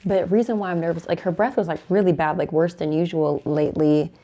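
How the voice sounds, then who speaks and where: A woman's voice: fairly low pitch, steady tone, brisk, warm tone, a little hiss or hum. A young woman tarot reader chatting casually to her viewers, sometimes breaking off to coo affectionately at her dog. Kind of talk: casual tarot reading chat to camera.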